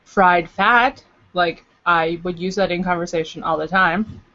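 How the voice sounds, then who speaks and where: A woman's voice: lowish voice, steady tone, a little slow, sharp tone, dull audio. A woman from Canada chatting casually to camera in a video blog, rambling with fillers and playful asides. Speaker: vlogger. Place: at home in Los Angeles.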